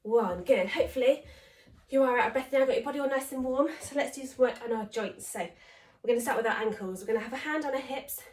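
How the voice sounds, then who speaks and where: Talking fast in a somewhat high, slightly mellow voice, this woman instructs a home workout, chatting encouragingly, counting reps, and breathing hard as she moves. The room echoes and she's some distance away from the microphone.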